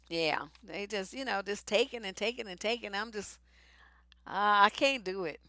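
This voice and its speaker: A woman's voice: medium pitch, normal speed, pushed and bright, no echo. A woman hosting a live advice stream, answering viewer questions in a blunt, sassy, no-nonsense way with plenty of slang and swearing. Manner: profane, slangy. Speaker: relationship advice host.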